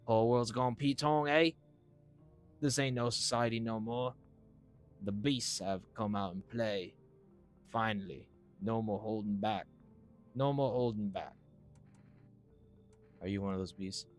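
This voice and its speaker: A man voicing a cocky, menacing drifter in a game, using a put-on British accent and a sneering, loud delivery. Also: on the low side, measured pace, pauses often, soft background music, close to an everyday voice.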